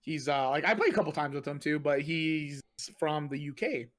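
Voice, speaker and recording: Rambling man with a higher voice. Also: moderate pace. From United States. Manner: rambling, lots of "like" and "you know". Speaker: podcast host and streamer. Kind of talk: casual podcast chat.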